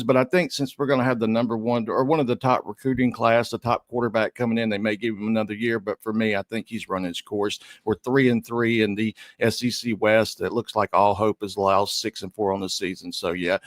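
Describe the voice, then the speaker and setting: A man giving plain-spoken, measured sports commentary on a talk show. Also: on the low side, dry recording, clean studio sound. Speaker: show panelist.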